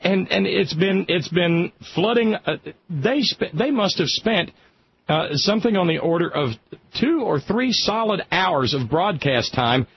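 A man hosting a radio talk show with a lively, rising and falling voice. He speaks with passion and keeps stumbling and restarting his sentences. The sound is muffled and lo-fi, like an old radio broadcast. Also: high voice, unhurried, gravelly, breathy edge. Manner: impassioned, stammering restarts.

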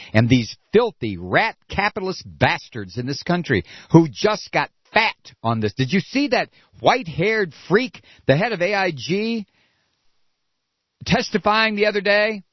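A man's voice: sits high, no room sound. A man delivering an angry political rant, profane and sarcastic, with mocking asides. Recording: dull lo-fi recording.

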